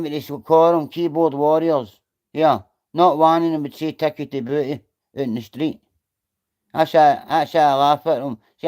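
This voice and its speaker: A middle-aged Scottish man answers viewers on his livestream, reading the chat and talking bluntly while swearing freely. His voice is on the high side with a darkish tone.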